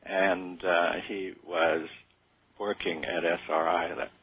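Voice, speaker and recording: A man's voice: deep voice, little pitch movement, takes it slowly, husky, dry recording. An older man being interviewed on radio, speaking modestly and hesitantly, with many fillers and restarts. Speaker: interview guest. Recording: tinny phone-like radio sound.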